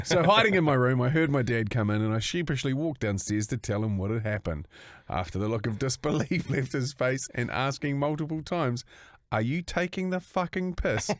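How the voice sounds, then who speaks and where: A man's voice: fairly high pitch, fairly bright tone, no echo, clean studio sound. A man co-hosting a podcast, telling a crude story with lots of swearing and laughter. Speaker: podcast co-host. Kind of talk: casual storytelling chat.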